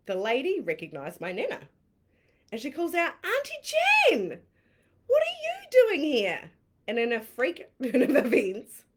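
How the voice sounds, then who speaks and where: A woman with a New Zealand accent, a coach telling her own story in a candid, excitable way, laughing often and swearing casually on a live stream. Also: fairly low pitch. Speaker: manifestation coach.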